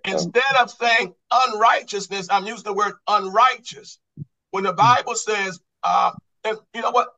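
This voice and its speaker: Male Bible study teacher, high and bright, quizzing style, repeats and restarts. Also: steady tone, moderate pace, rough recording. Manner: quizzing the class with repeated questions; restarts and repeats words when stressing a point. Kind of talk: Bible study lesson on Greek grammar.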